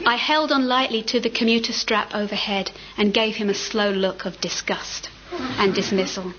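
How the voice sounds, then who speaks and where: A woman's voice: mid-range voice, fairly even intonation, moderate pace, hardly any pauses, fairly bright tone. A woman reading a story aloud in a casual way, sometimes stumbling over words. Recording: muffled with faint hiss.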